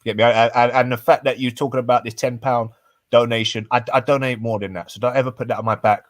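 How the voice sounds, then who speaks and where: A man's voice: medium pitch, steady tone, fast, dry recording. A man arguing heatedly on a live-stream panel, swearing and full of slang. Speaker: panel guest.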